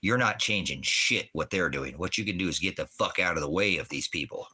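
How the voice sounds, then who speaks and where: A man with a fairly low voice and a bright, forceful edge, ranting to his livestream chat from indoors at his farm. He rambles from point to point, swears freely and fires questions straight at his viewers. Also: lively intonation, brisk, husky. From Oregon, USA. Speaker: livestreaming vlogger. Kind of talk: casual livestream rant.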